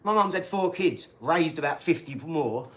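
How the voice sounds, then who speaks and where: A man's voice: on the high side, animated, normal speed. Rambling man ranting on a live stream. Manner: rambling, cheeky, laughs between remarks. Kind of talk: casual live-stream rant.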